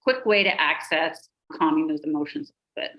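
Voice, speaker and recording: A middle-aged woman speaks as a guest on a podcast, her voice sitting somewhat low. She explains ideas patiently and runs through lists of examples in an even rhythm. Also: moderate pace, lo-fi sound. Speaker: pediatrician and life coach guest.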